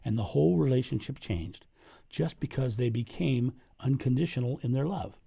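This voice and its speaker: Gravelly-voiced man, earnest spiritual coach. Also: mid-range voice, lively intonation, moderate pace, warm tone. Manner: earnest, storytelling, repeats phrases for emphasis. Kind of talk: livestream Q&A monologue.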